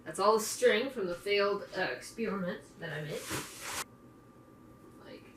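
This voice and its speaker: Woman vlogging her craft project, chatty and self-deprecating, bright tone, echoey room, a bit far from the mic. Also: medium pitch, animated, moderate pace, a little hiss or hum. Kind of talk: casual chat while crafting. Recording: roomy, from a distance.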